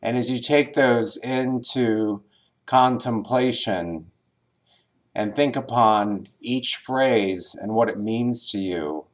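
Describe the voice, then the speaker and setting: Slow-speaking male minister teaching. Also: medium pitch. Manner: slow, measured, with pauses and some filler words. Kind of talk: recorded spiritual lesson.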